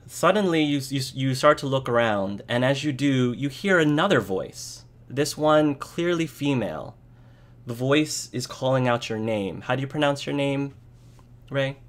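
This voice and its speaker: Male game master, halting, describes scenes, middle pitch. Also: animated. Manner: hesitant, with many restarts and fillers. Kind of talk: narrating a tabletop game online.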